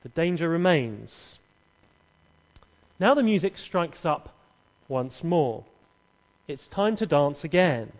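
A man's voice: a little high, big pitch swings, takes it slowly, pauses often. A man preaching, telling a scripture story dramatically with humorous asides, in an echoey church hall. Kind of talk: sermon with acted dialogue. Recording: echoey, dull hall recording.

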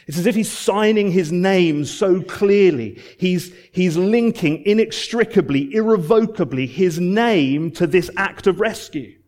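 A man preaching a sermon, earnest and emphatic, repeating phrases and dropping to soft, low endings. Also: a little slow, hardly any pauses.

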